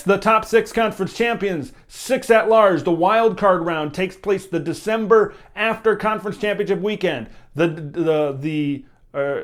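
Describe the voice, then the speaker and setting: A young man hosting a college football opinion vlog, talking casually and emphatically, hammering home his points. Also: fairly high pitch. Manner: animated, emphatic, repeats key points.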